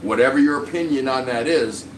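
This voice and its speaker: A man's voice: medium pitch, a little fast, distant mic, slight background noise. Man, casual live-stream host, friendly and rambling, roomy echo, set back from the mic. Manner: friendly, rambling, greets viewers by name. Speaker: livestream vlog host.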